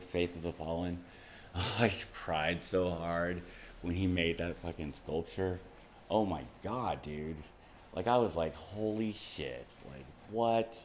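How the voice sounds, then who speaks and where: A man's voice: sits low, a little mellow, slight background noise. A young man talking to camera in a rambling, casual monologue, laughing often and swearing freely. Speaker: vlogger.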